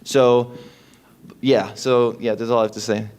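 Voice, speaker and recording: A man on a convention panel giving advice in a rambling, halting way with restarts. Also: medium pitch, level tone, darkish tone.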